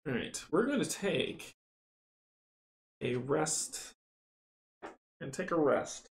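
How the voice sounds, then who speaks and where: A man's voice: a little high, slow. Chatty man running a board game. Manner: chatty, counts dice rolls aloud, excitable. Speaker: tabletop game runner and player. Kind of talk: casual board game playthrough. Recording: roomy echo, faint noise.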